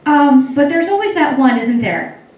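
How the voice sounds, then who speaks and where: A woman's voice: high voice, sing-song, normal speed, a little mellow, far from the mic. A young woman performing a stand-up comedy set, talking wryly and teasing the crowd. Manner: wry, conversational, crowd-teasing. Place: club stage with live audience. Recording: echoey room, mic heard from afar.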